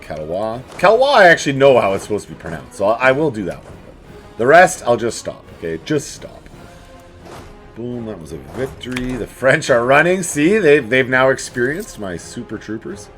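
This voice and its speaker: A man's voice: medium pitch, a little fast, faint music behind. A man giving casual, chatty commentary as he plays a strategy game, talking straight to the enemies on screen. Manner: animated, chatty, talks to the game's enemies. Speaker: let's play host.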